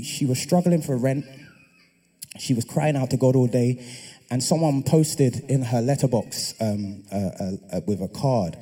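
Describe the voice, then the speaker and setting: With a mid-range voice carrying a breathy edge, a young adult man preaches his personal testimony. He tells it in an animated way that builds into loud, impassioned preaching.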